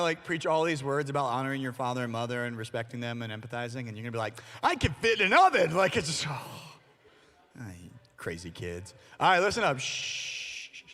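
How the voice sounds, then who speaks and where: A man giving a youth sermon, telling stories with jokes and playful asides. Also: on the high side. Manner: animated storytelling with jokes and asides. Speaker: youth pastor. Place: church hall. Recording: long reverb of a large hall.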